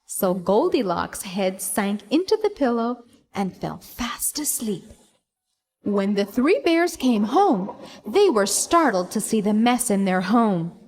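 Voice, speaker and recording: A woman's voice: mid-range voice, sing-song, takes it slowly, a little mellow. A woman, a teacher narrating a children's storybook expressively.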